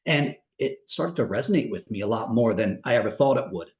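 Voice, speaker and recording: A man's voice: mid-range voice, animated, brisk, darkish tone, roomy sound, highs cut off. Reflective man telling a coaching story. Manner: reflective, storytelling, frequent fillers and restarts. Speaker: mental performance coach. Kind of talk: podcast discussion, long explanation.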